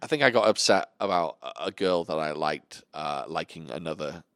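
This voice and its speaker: A man's voice: extremely low pitch, normal speed, clean tone, dry recording, studio quality. A man hosting a podcast, telling stories in casual chat with lots of swearing and acted-out voices. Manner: animated, sweary storytelling, acts out voices. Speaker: podcast host.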